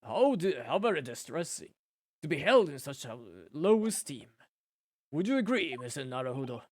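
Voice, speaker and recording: A man's voice: on the high side, big pitch swings, moderate pace, no room sound, studio quality. Man doing a grandiloquent detective. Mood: theatrical. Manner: grandiloquent, formal, theatrical. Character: flamboyant male detective, older, theatrical.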